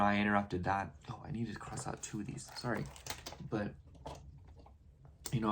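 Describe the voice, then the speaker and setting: A young man telling a story in a casual vlog, rambling and filling his talk with "like" and "you know". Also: fairly low pitch. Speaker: vlogger.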